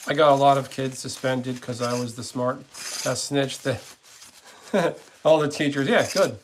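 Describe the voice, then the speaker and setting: A man's voice: mid-range voice, measured pace, background noise. A man streaming from his gaming channel, chatting casually with viewers in a rambling, blunt way and cursing freely.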